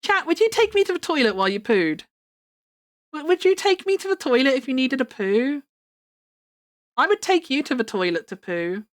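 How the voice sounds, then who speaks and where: Chatty woman streamer, lively pitch. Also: moderate pace, pauses often. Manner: chatty, rambling, laughs often. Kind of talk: casual live-stream chat.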